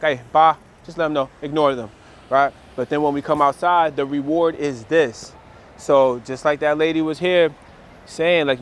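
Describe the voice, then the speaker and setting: A man's voice: mid-range voice, a little hiss or hum. A man who trains dogs, chatting casually and with slang straight to his viewers while standing outdoors by a store. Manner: relaxed, conversational, slangy, talks straight to viewers. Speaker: dog trainer. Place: outdoors by a store in a built-up area.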